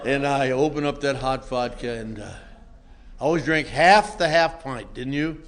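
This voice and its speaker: An older man telling a self-mocking story to a meeting audience in a wry, comic way that builds into shouting. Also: mid-range voice, normal speed, background noise. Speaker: recovery meeting speaker.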